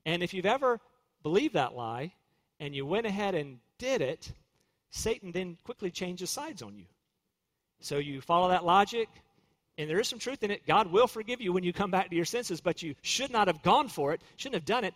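High-voiced man preaching in a reverberant hall. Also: lively intonation, fairly quick, fairly bright tone. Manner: earnest preaching, quotes scripture and hymn lyrics, acts out inner voices. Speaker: pastor. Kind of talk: sermon.

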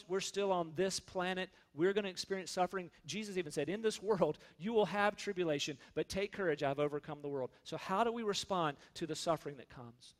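A man's voice: sits high, big-room sound. A man preaching a sermon in an earnest, conversational way, speaking his prayers aloud. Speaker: pastor.

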